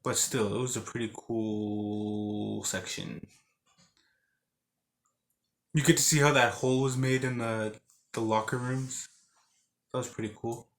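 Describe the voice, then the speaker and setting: A man's voice: medium pitch, fairly even intonation, a little slow, long pauses. A man casually recapping a video game he played, rambling with lots of "like" and restarts, and acting out characters with growls and sound effects. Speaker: game reviewer.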